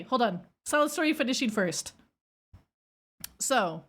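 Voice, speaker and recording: A woman streamer chats casually with her viewers, telling a rambling story. Her fairly high voice moves widely and leaps into squeals when she gets excited, and she speaks at a moderate pace with frequent pauses.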